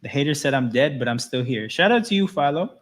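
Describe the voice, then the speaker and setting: A man's voice: mid-range voice, animated, fast. Casual male livestream host, loose and chatty, mid-range voice. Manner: loose, chatty, reads and answers chat.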